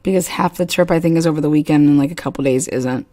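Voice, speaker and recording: A woman's voice: low voice, fast talker, mellow. A woman hosting a casual livestream chat, telling crude stories and laughing often. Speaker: host.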